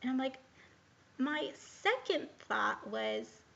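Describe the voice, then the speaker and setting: Gravelly, bright-voiced woman rambling candidly. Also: high voice, big pitch swings, slow pace, dull audio. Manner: rambling and candid, full of hesitations and "like". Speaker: vlogger. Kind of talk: casual personal storytelling to camera.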